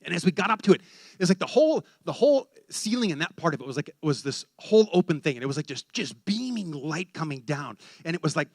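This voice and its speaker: A man preaching, telling a story with excitable energy and acting out the voices in it. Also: high-pitched, creaky, no echo. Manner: animated, excitable storyteller who acts out voices. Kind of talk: sermon storytelling.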